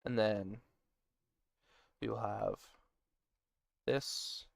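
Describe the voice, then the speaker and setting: A man building a made-up language, thinking aloud as he works and reading notes aloud in quick bursts, muttering and poking fun at himself. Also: lowish voice, fairly even intonation, vocal fry, dry recording, clean studio sound. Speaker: worldbuilder designing a conlang. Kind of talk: thinking aloud while working on screen.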